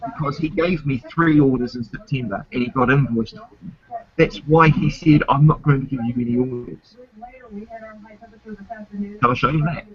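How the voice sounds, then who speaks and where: A man's voice: medium pitch, moderate pace, long pauses, muffled recording. A man chatting casually on his stream, indignant and swearing freely. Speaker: streamer host. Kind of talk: casual chat.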